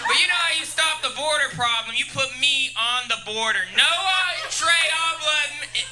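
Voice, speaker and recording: Very high-voiced crude comedian, man. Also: moderate pace, sharp tone. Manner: crude, punchy, laughing at own jokes. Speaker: stand-up comedian. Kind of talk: live stand-up set. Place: comedy club stage. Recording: noisy live club room.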